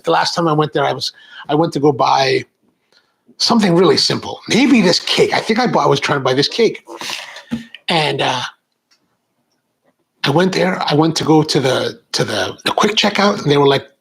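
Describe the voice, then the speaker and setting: A middle-aged American man hosting a coffee video, chatting casually with rambling, animated asides. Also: a little high, gravelly, slightly rough, rough recording. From United States. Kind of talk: casual chat to camera.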